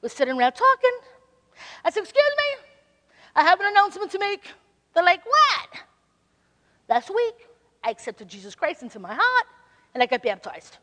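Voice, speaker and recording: A man's voice: extremely high pitch, wildly swooping pitch, normal speed, pauses often, pushed and bright, pitched above the performer's own voice, heavily acted. A woman voicing an earnest, cheerful man in his eighties retelling his life in a sermon, recorded in a reverberant hall. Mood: animated. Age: 80s. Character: elderly male convert, earnest and cheerful.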